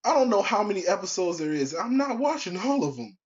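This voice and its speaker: A man's voice: high voice, very animated, fairly quick, lo-fi sound. A young man hosting his own podcast in a casual, rambling way, full of slang and restarts. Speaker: podcast host. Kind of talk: casual solo podcast chat.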